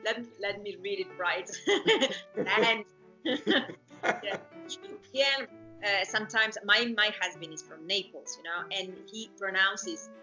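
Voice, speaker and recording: A bright, lively-toned woman with an Italian accent chats casually, laughing easily and stopping to search for words. The recording sounds a little dull and lo-fi, with faint music underneath. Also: mid-range voice, slow pace. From Italy. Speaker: singing diction teacher, co-host. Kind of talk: casual conversation.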